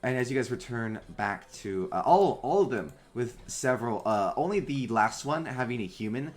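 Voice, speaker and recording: A man's voice: medium pitch, animated, moderate pace. Man rambling through game narration. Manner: loose, rambling narration with fillers. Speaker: game master.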